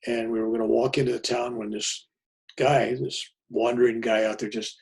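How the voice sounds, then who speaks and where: A man's voice: mid-range voice, flat delivery, moderate pace, gravelly, husky. A man, a pastor, telling a travel story in a plainspoken, folksy way. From United States. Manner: plainspoken and folksy, with many fillers and restarts.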